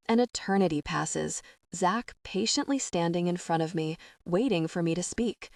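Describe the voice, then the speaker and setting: A woman narrating a first-person romance audiobook in a measured, intimate, soft manner. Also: fairly low pitch, no room sound, studio quality.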